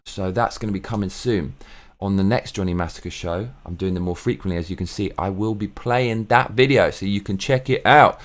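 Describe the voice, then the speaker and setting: Rambling, lower-voiced man vlogging. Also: fairly quick, hardly any pauses. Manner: rambling, excitable, swears freely. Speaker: vlog host. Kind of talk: casual monologue. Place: home recording in Tokyo.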